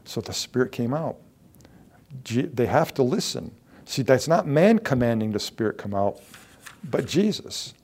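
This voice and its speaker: A man preaching a sermon as a pastor, earnest and emphatic, dropping to soft asides and rising to loud declarations, often repeating words for stress. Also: mid-range voice, animated, unhurried.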